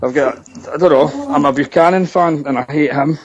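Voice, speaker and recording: A man's voice: fairly high pitch, brisk, highs cut off. A man calling in to a podcast, swearing bluntly and laughing often in casual banter. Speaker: guest caller.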